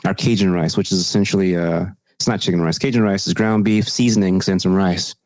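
A man co-hosting a casual podcast chat, telling stories in a profane, animated way. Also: sits low, a little fast, no room sound. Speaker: podcast co-host.

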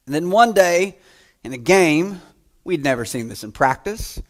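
Slow-paced man preaching a sermon. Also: on the high side. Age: adult, grew up playing school basketball. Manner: storytelling, animated with sudden loud quoted lines and quiet trailing asides. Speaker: pastor.

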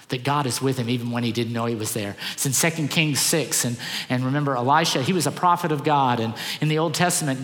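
A man's voice: on the high side, fairly bright tone. Emphatic male pastor in echoing hall. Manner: earnest, emphatic preaching with repeated phrases. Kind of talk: sermon.

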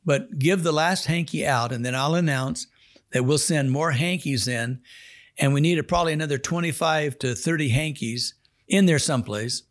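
A man's voice: fairly high pitch, moderate pace. A man, a chaplain, telling a story from the pulpit in an earnest, folksy way, acting out the dialogue. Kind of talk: storytelling sermon.

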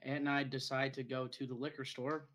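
A young man chatting loosely on a podcast, telling a long, rambling story. His voice sits at an ordinary pitch, and he swears often in a relaxed, unscripted way. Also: brisk, poor audio. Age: young adult. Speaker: podcast co-host. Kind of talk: casual chat.

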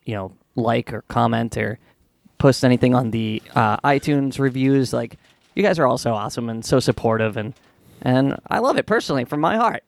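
A man's voice: mid-range voice, expressive, moderate pace, creaky, dry recording. A man co-hosting a comedy podcast, chatting casually and teasing his friends. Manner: teasing, many fillers and restarts. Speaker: podcast co-host.

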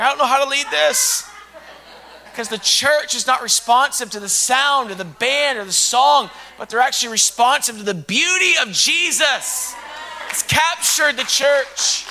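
A man preaching a sermon with passion, swinging from hushed, intimate lines to loud shouting. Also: very high-pitched.

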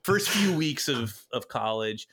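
A man's voice: mid-range voice, sing-song, measured pace, fairly bright tone. A man in his thirties, a podcast guest, telling a rambling, self-deprecating story with frequent laughter in casual chat.

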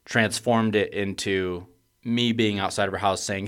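Podcast co-host, young adult man, lowish voice, profane and animated storyteller. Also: a little slow, clean tone. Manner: swears freely, gets loud and worked up when retelling panic. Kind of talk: casual storytelling chat.

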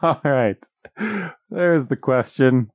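A man's voice: medium pitch, slow pace, clean tone, no room sound. A young man co-hosting a podcast in casual chat, wry and teasing, laughing easily. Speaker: podcast co-host.

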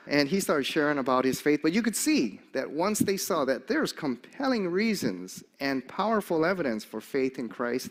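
An older man delivers a sermon with a fairly high, very lively voice that swings widely in pitch. He tells stories with energy, acts out the people he quotes and chuckles between points. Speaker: preacher.

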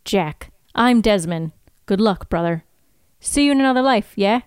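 A woman's voice: medium pitch, lively intonation, normal speed, darkish tone, smooth, dry recording, studio quality, close to an everyday voice. A woman reading a TV scene, voicing a brash, teasing Scottish male runner with a put-on Scottish accent. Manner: playful, teasing, calls people brother. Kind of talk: read-through of a TV scene.

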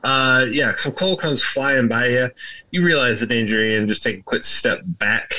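A man narrating a tabletop game as dungeon master in a relaxed, rambling way. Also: medium pitch, moderate pace, dry recording. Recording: dull, lo-fi audio.

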